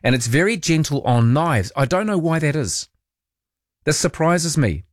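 A man's voice: on the high side, lively intonation, normal speed, no echo. A male talkback host chats through the small hours, wry and full of questions for his listeners. The voice sits close to the mic in a dead, dry studio. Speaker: late-night talk radio host. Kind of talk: casual talkback chat. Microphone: studio microphone.

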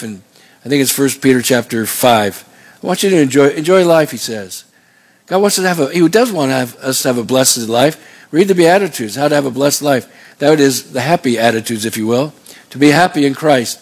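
A man preaching a sermon, asking the congregation call-and-response questions as he works through his points. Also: mid-range voice. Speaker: pastor.

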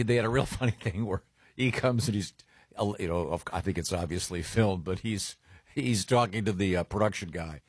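Husky low-voiced radio co-host, man. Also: no echo, studio quality. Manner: rambling, self-interrupting storyteller with chuckles. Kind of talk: casual morning radio banter. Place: radio studio. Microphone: studio microphone.

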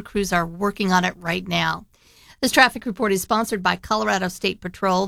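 A woman giving a radio traffic report in a brisk, informative way. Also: mid-range voice, gravelly, a bit bright, dry recording.

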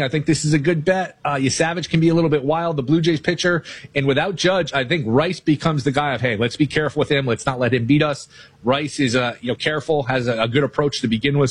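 A man talking casually about his baseball bets, quick and self-deprecating, with a loose and chatty delivery. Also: fairly high pitch, husky. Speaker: sports betting analyst guest. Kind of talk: casual betting talk.

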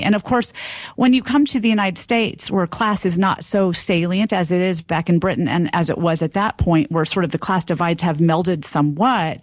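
A woman professor explains her field as a guest on a talk show. She talks fluently, like a lecturer, with a few fillers. Her voice is of middle pitch, and it is recorded dry and close in a studio. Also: no echo.

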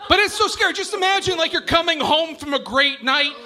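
On a comedy club stage, a high-voiced man performs a stand-up set, animated, a little fast and sharp in tone, giggling and cutting himself off during crowd work. Laughter from the audience fills this noisy live club recording.

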